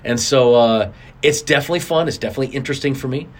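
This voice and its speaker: A middle-aged man, a racing driver guest, telling stories in a casual interview, animated and acting out quotes with big jumps in his voice. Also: medium pitch, racing.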